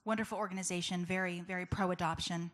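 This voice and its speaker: A woman's voice: on the low side, steady tone, fast talker. A woman giving an earnest, personal talk to a live audience, chatty and full of fillers. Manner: earnest, conversational, with many fillers. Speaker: public speaker.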